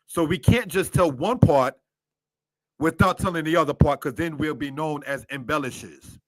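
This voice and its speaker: A man's voice: a little high, moderate pace, no room sound. A man teaching a scripture lesson in a preacherly way, walking through Hebrew words one at a time and asking his listeners rhetorical questions. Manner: preacherly, asks many rhetorical questions, addresses listeners as brothers and sisters; spells out Hebrew words line by line. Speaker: Torah teacher.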